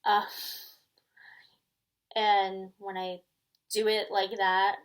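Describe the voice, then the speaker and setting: A woman's voice: mid-range voice, flat delivery, measured pace, rough recording. A middle-aged woman from New York with a New York accent, hosting her tarot channel in casual, rambling chat full of ums and likes.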